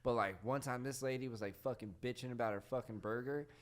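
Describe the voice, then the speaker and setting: A man's voice: mid-range voice, fast talker. A young man as a podcast guest, telling crude work stories with a laugh in his voice. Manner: lively, laughing, crude storyteller. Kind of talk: casual chat.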